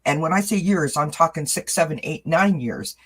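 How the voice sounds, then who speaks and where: A man's voice: on the high side, lively intonation, normal speed, a bit bright. A man hosting a casual video chat, candid and earnest, speaking straight to his viewers. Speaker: channel host.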